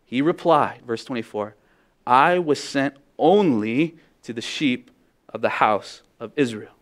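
A man preaching a sermon in church, dramatic, swinging between loud emphasis and near-whispers. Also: medium pitch, lively intonation, a little slow. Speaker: pastor.

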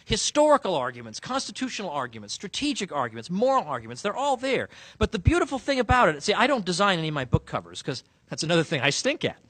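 A man giving a lively, sarcastic public speech to a room of officials, punching key words with emphasis. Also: sits high, fast talker, no room sound. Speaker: speaker addressing sheriffs. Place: conference room.

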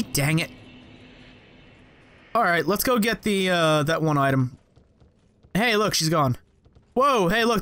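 High-voiced, swearing man playing a game. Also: a bit bright, dry recording. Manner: profane, jokey, talks to game enemies. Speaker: gameplay commentator. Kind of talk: let's play commentary.

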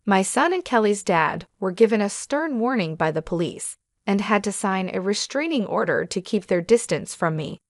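A woman narrating a scripted first-person story in an even, steady way. Her voice sits at a middle pitch and sounds close and dry, with no room around it. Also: no echo.

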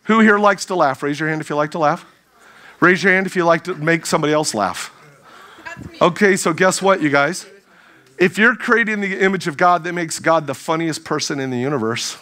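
A man giving a humorous youth sermon to a live audience, playful and animated as he jokes with the crowd. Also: on the high side, fairly quick. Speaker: youth speaker.

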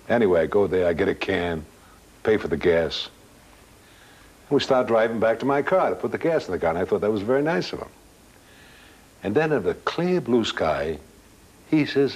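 An older man casually telling a personal anecdote as a guest, halting at times and acting out dialogue. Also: low-pitched, sing-song, slightly rough, rough recording. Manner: plain-spoken, halting, with restarts and quoted dialogue. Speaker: guest storyteller.

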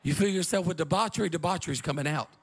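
A middle-aged male pastor, preaching a revival sermon and telling stories in an animated way, often shouting and laughing. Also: on the high side, rapid-fire.

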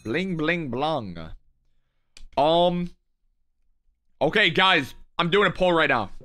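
Excitable young man streaming a shooter. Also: on the high side, slow. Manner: excitable, rambling, repeats "bro" and "okay". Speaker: streamer host. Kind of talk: live gaming stream chat. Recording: noisy game stream with gunfire. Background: gunfire from the game.

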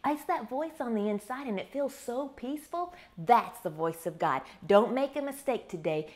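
A woman's voice: fairly high pitch, very animated, moderate pace, few pauses, darkish tone. Chatty woman hosting a devotional talk. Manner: chatty storytelling with laughs. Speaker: Christian teaching show host. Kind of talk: devotional teaching from her kitchen. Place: home kitchen.

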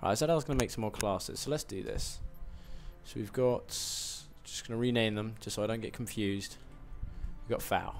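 A man's voice: on the low side, moderate pace, gravelly, faint music behind. A young man with a put-on American accent, rambling through live game commentary with self-mocking asides. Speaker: gaming commentator.

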